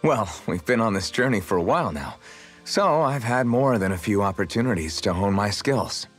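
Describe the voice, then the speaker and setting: A man's voice: fairly low pitch, normal speed, faint music behind. An actor playing an earnest young male swordsman who proudly shows off his cooking, in a video game. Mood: warm. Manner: eager, proud, lively.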